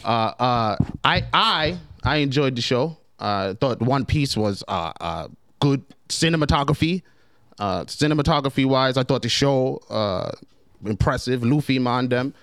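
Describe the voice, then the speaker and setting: A man's voice: a little high, big pitch swings, moderate pace, few pauses, bright, forceful tone, dry recording, clean studio sound. A man putting on an exaggerated mock Jamaican accent, hamming it up and laughing between words. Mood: mock serious.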